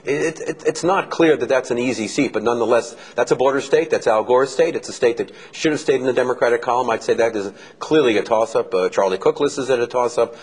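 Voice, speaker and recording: Southern guy, middle-aged professor, husky voice, talks fast, breaks stuff down calmly. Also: medium pitch, poor audio. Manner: measured, analytical, explains with numbers. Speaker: political science professor. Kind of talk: expert answering interview questions.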